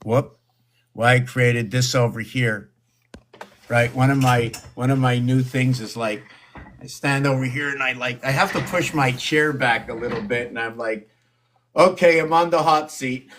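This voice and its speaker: A man's voice: medium pitch, fairly even intonation, moderate pace, fairly bright tone, slight background noise. Rambling man talking to camera. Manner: wandering, stream-of-consciousness, frequent restarts and asides; talks in a coaxing way to his cat. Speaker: video creator. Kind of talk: rambling solo monologue to camera.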